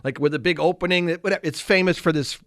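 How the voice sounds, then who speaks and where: Man, sixties, high voice, self-mocking storyteller, casual radio chat. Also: quick pace, a bit bright, no room sound, studio quality. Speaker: radio co-host.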